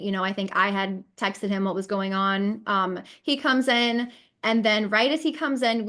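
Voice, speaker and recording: A woman in her thirties speaks as a guest on a conversational podcast. Her voice sits at an ordinary middle pitch, and she tells a personal story earnestly, acting out what others said and pausing on frequent fillers. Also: fairly bright tone.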